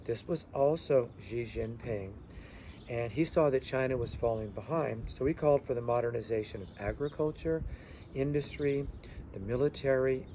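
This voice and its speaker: A man's voice: medium pitch, dark tone, slight background noise. A male teacher giving a loose review lecture full of fillers, stopping to spell out terms letter by letter. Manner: loose, halting delivery with many fillers.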